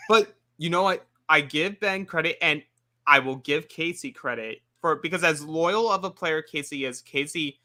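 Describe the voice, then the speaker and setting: A man's voice: a little high, moderate pace, pushed and bright. A man co-hosting a casual recap show, rambling with lots of filler words. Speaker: after-show co-host.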